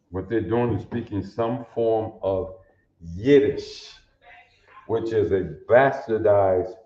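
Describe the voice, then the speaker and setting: Slow, deep-voiced man teaching a lesson. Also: warm tone, reverberant, dull audio. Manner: slow, patient, repeats syllables aloud. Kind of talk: classroom lesson.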